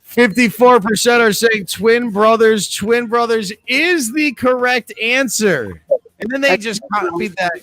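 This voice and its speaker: A man's voice: very high voice, unhurried, a bit bright, no echo. A man hosting a live trivia game, reading questions and answer choices in a chatty, joking way. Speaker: trivia host.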